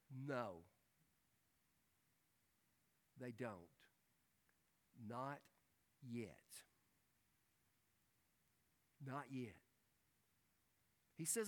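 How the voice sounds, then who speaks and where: Bright high-voiced man preaching a sermon. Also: animated, extremely slow, pauses often. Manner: preaching with swings from loud emphatic peaks to hushed low lines; reads scripture aloud. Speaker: pastor.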